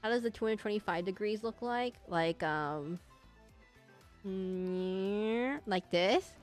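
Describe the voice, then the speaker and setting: A woman with a medium-pitched, bright, forceful voice chats with viewers as she draws requests on a live stream. Her tone is clear and resonant with no echo, and she rambles along, amused at herself.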